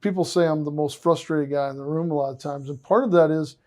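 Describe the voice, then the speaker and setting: An enthusiastic man hosting a podcast, telling animated stories. His voice sits a bit high, with a mellow, dark tone. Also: quick pace. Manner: enthusiastic, effusive, animated storyteller. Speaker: podcast host. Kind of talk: casual podcast conversation.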